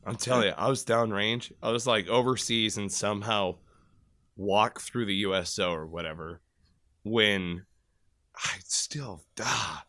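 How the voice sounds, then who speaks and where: A man in his thirties from Michigan, a podcast guest telling crude, loud, profane stories in a casual chat and bursting into shouted re-enactments. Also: lowish voice, a little slow, dry recording, clean studio sound. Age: 30s.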